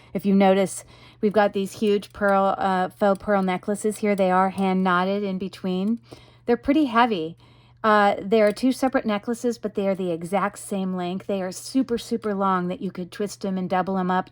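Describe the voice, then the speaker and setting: A woman's voice: medium pitch, a little mellow, no room sound, studio quality. A woman casually presenting jewelry she sells, chatty and rambling with lots of ums, in an enthusiastic selling tone. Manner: chatty, rambling, frequent ums and you-knows. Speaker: jewelry seller presenting her wares. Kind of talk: casual product showcase.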